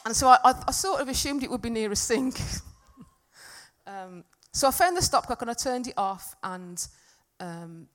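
A woman's voice: on the high side, lively intonation, normal speed. A middle-aged woman giving a talk at a church gathering, telling a personal story in a chatty, self-deprecating way. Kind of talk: sermon with personal anecdote.

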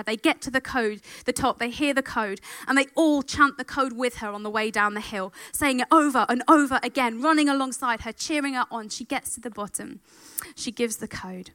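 Bright, animated woman preaching. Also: high-pitched, no room sound. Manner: emotional, animated storytelling. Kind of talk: sermon.

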